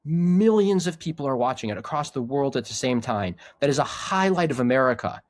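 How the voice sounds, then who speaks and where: A man's voice: mid-range voice, expressive, a little fast, no echo, clean studio sound. A middle-aged man and podcast guest who speaks earnestly and reflectively about his men's groups, often restarting his sentences. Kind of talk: casual conversation.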